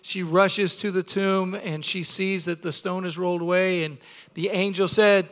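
A man's voice: high voice, normal speed, sharp tone, clean tone. A middle-aged male pastor preaching a sermon in a church, exuberant and playful, calling on the congregation to respond.

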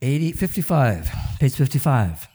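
Animated stammering male preacher. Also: medium pitch, normal speed, slightly rough. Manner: animated, stammering repetitions, rhetorical questions. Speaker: pastor. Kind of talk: sermon.

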